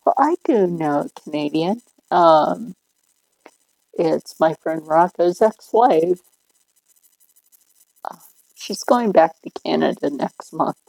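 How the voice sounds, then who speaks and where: A woman's voice: low-pitched, expressive, takes it slowly, creaky, long pauses, darkish tone, dry recording, poor audio. A middle-aged woman hosting a livestream, rambling along in casual chat and laughing often. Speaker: livestream host.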